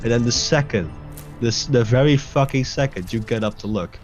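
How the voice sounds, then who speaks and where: A man's voice: mid-range voice, normal speed, darkish tone, dull audio. A young man chatting casually over gameplay, rambling with lots of restarts and swearing freely. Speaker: gaming video host. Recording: music playing clearly behind voice. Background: game music.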